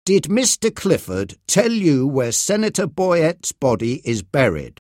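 A man doing a firm, commanding judge in a read-aloud story, voiced a bit higher and louder than his narration. The judge talks slowly and with authority, in a dry, close recording. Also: wildly swooping pitch, no echo, heavily acted. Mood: stern. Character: stern male judge, older, protective.

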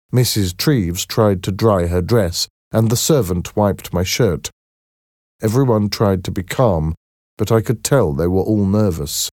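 Male storybook narrator, slow and expressive. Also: lowish voice, no room sound, studio quality. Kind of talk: scripted storybook reading.

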